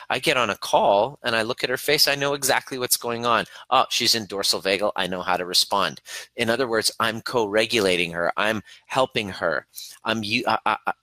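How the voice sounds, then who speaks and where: Male relationship coach, middle-aged, earnest and hands-on; bright, forward tone in a dry room. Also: lowish voice, dry recording, poor audio. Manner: earnest, coaching, acts out examples in a soft cooing voice. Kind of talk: motivational talk to camera.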